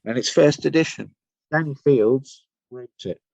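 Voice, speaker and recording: A man's voice: mid-range voice, a little slow, vocal fry, darkish tone, dry recording, dull audio. An English man from Somerset, a musician guest telling rambling, enthusiastic stories in a casual podcast chat. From Somerset, England. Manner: rambling, enthusiastic storytelling with many fillers.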